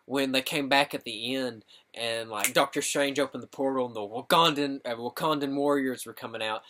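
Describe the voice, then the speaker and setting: A young man rambling excitedly through a casual film review, full of filler words and slang. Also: mid-range voice, moderate pace, slight background noise. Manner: rambling, excitable, constant "dude" and "like". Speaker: gaming channel host reviewing a film.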